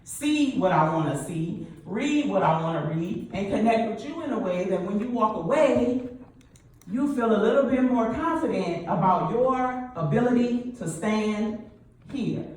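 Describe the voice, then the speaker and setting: A middle-aged woman giving a lively motivational talk at a church event, often asking the audience questions. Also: mid-range voice, unhurried. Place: church hall. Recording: roomy echo, distant mic, faint hum.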